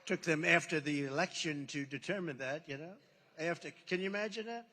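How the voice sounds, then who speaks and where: Over a noisy background, a man with a voice on the high side speaks briskly in a rambling, boastful, off-the-cuff rally speech, repeating himself for emphasis. He uses a podium microphone in a large indoor hall, and the amplified recording has long hall reverb.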